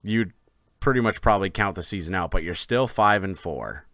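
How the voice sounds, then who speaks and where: A man co-hosting a casual sports podcast, agreeable and quick to laugh. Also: sits low, animated, fairly bright tone, no echo, clean studio sound. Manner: agreeable, laughs along often. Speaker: podcast co-host.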